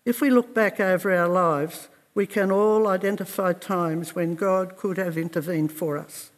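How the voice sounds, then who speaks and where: A man preaching a sermon in a slow, earnest and reflective way, with measured pauses. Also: high voice, fairly even intonation, in a large hall.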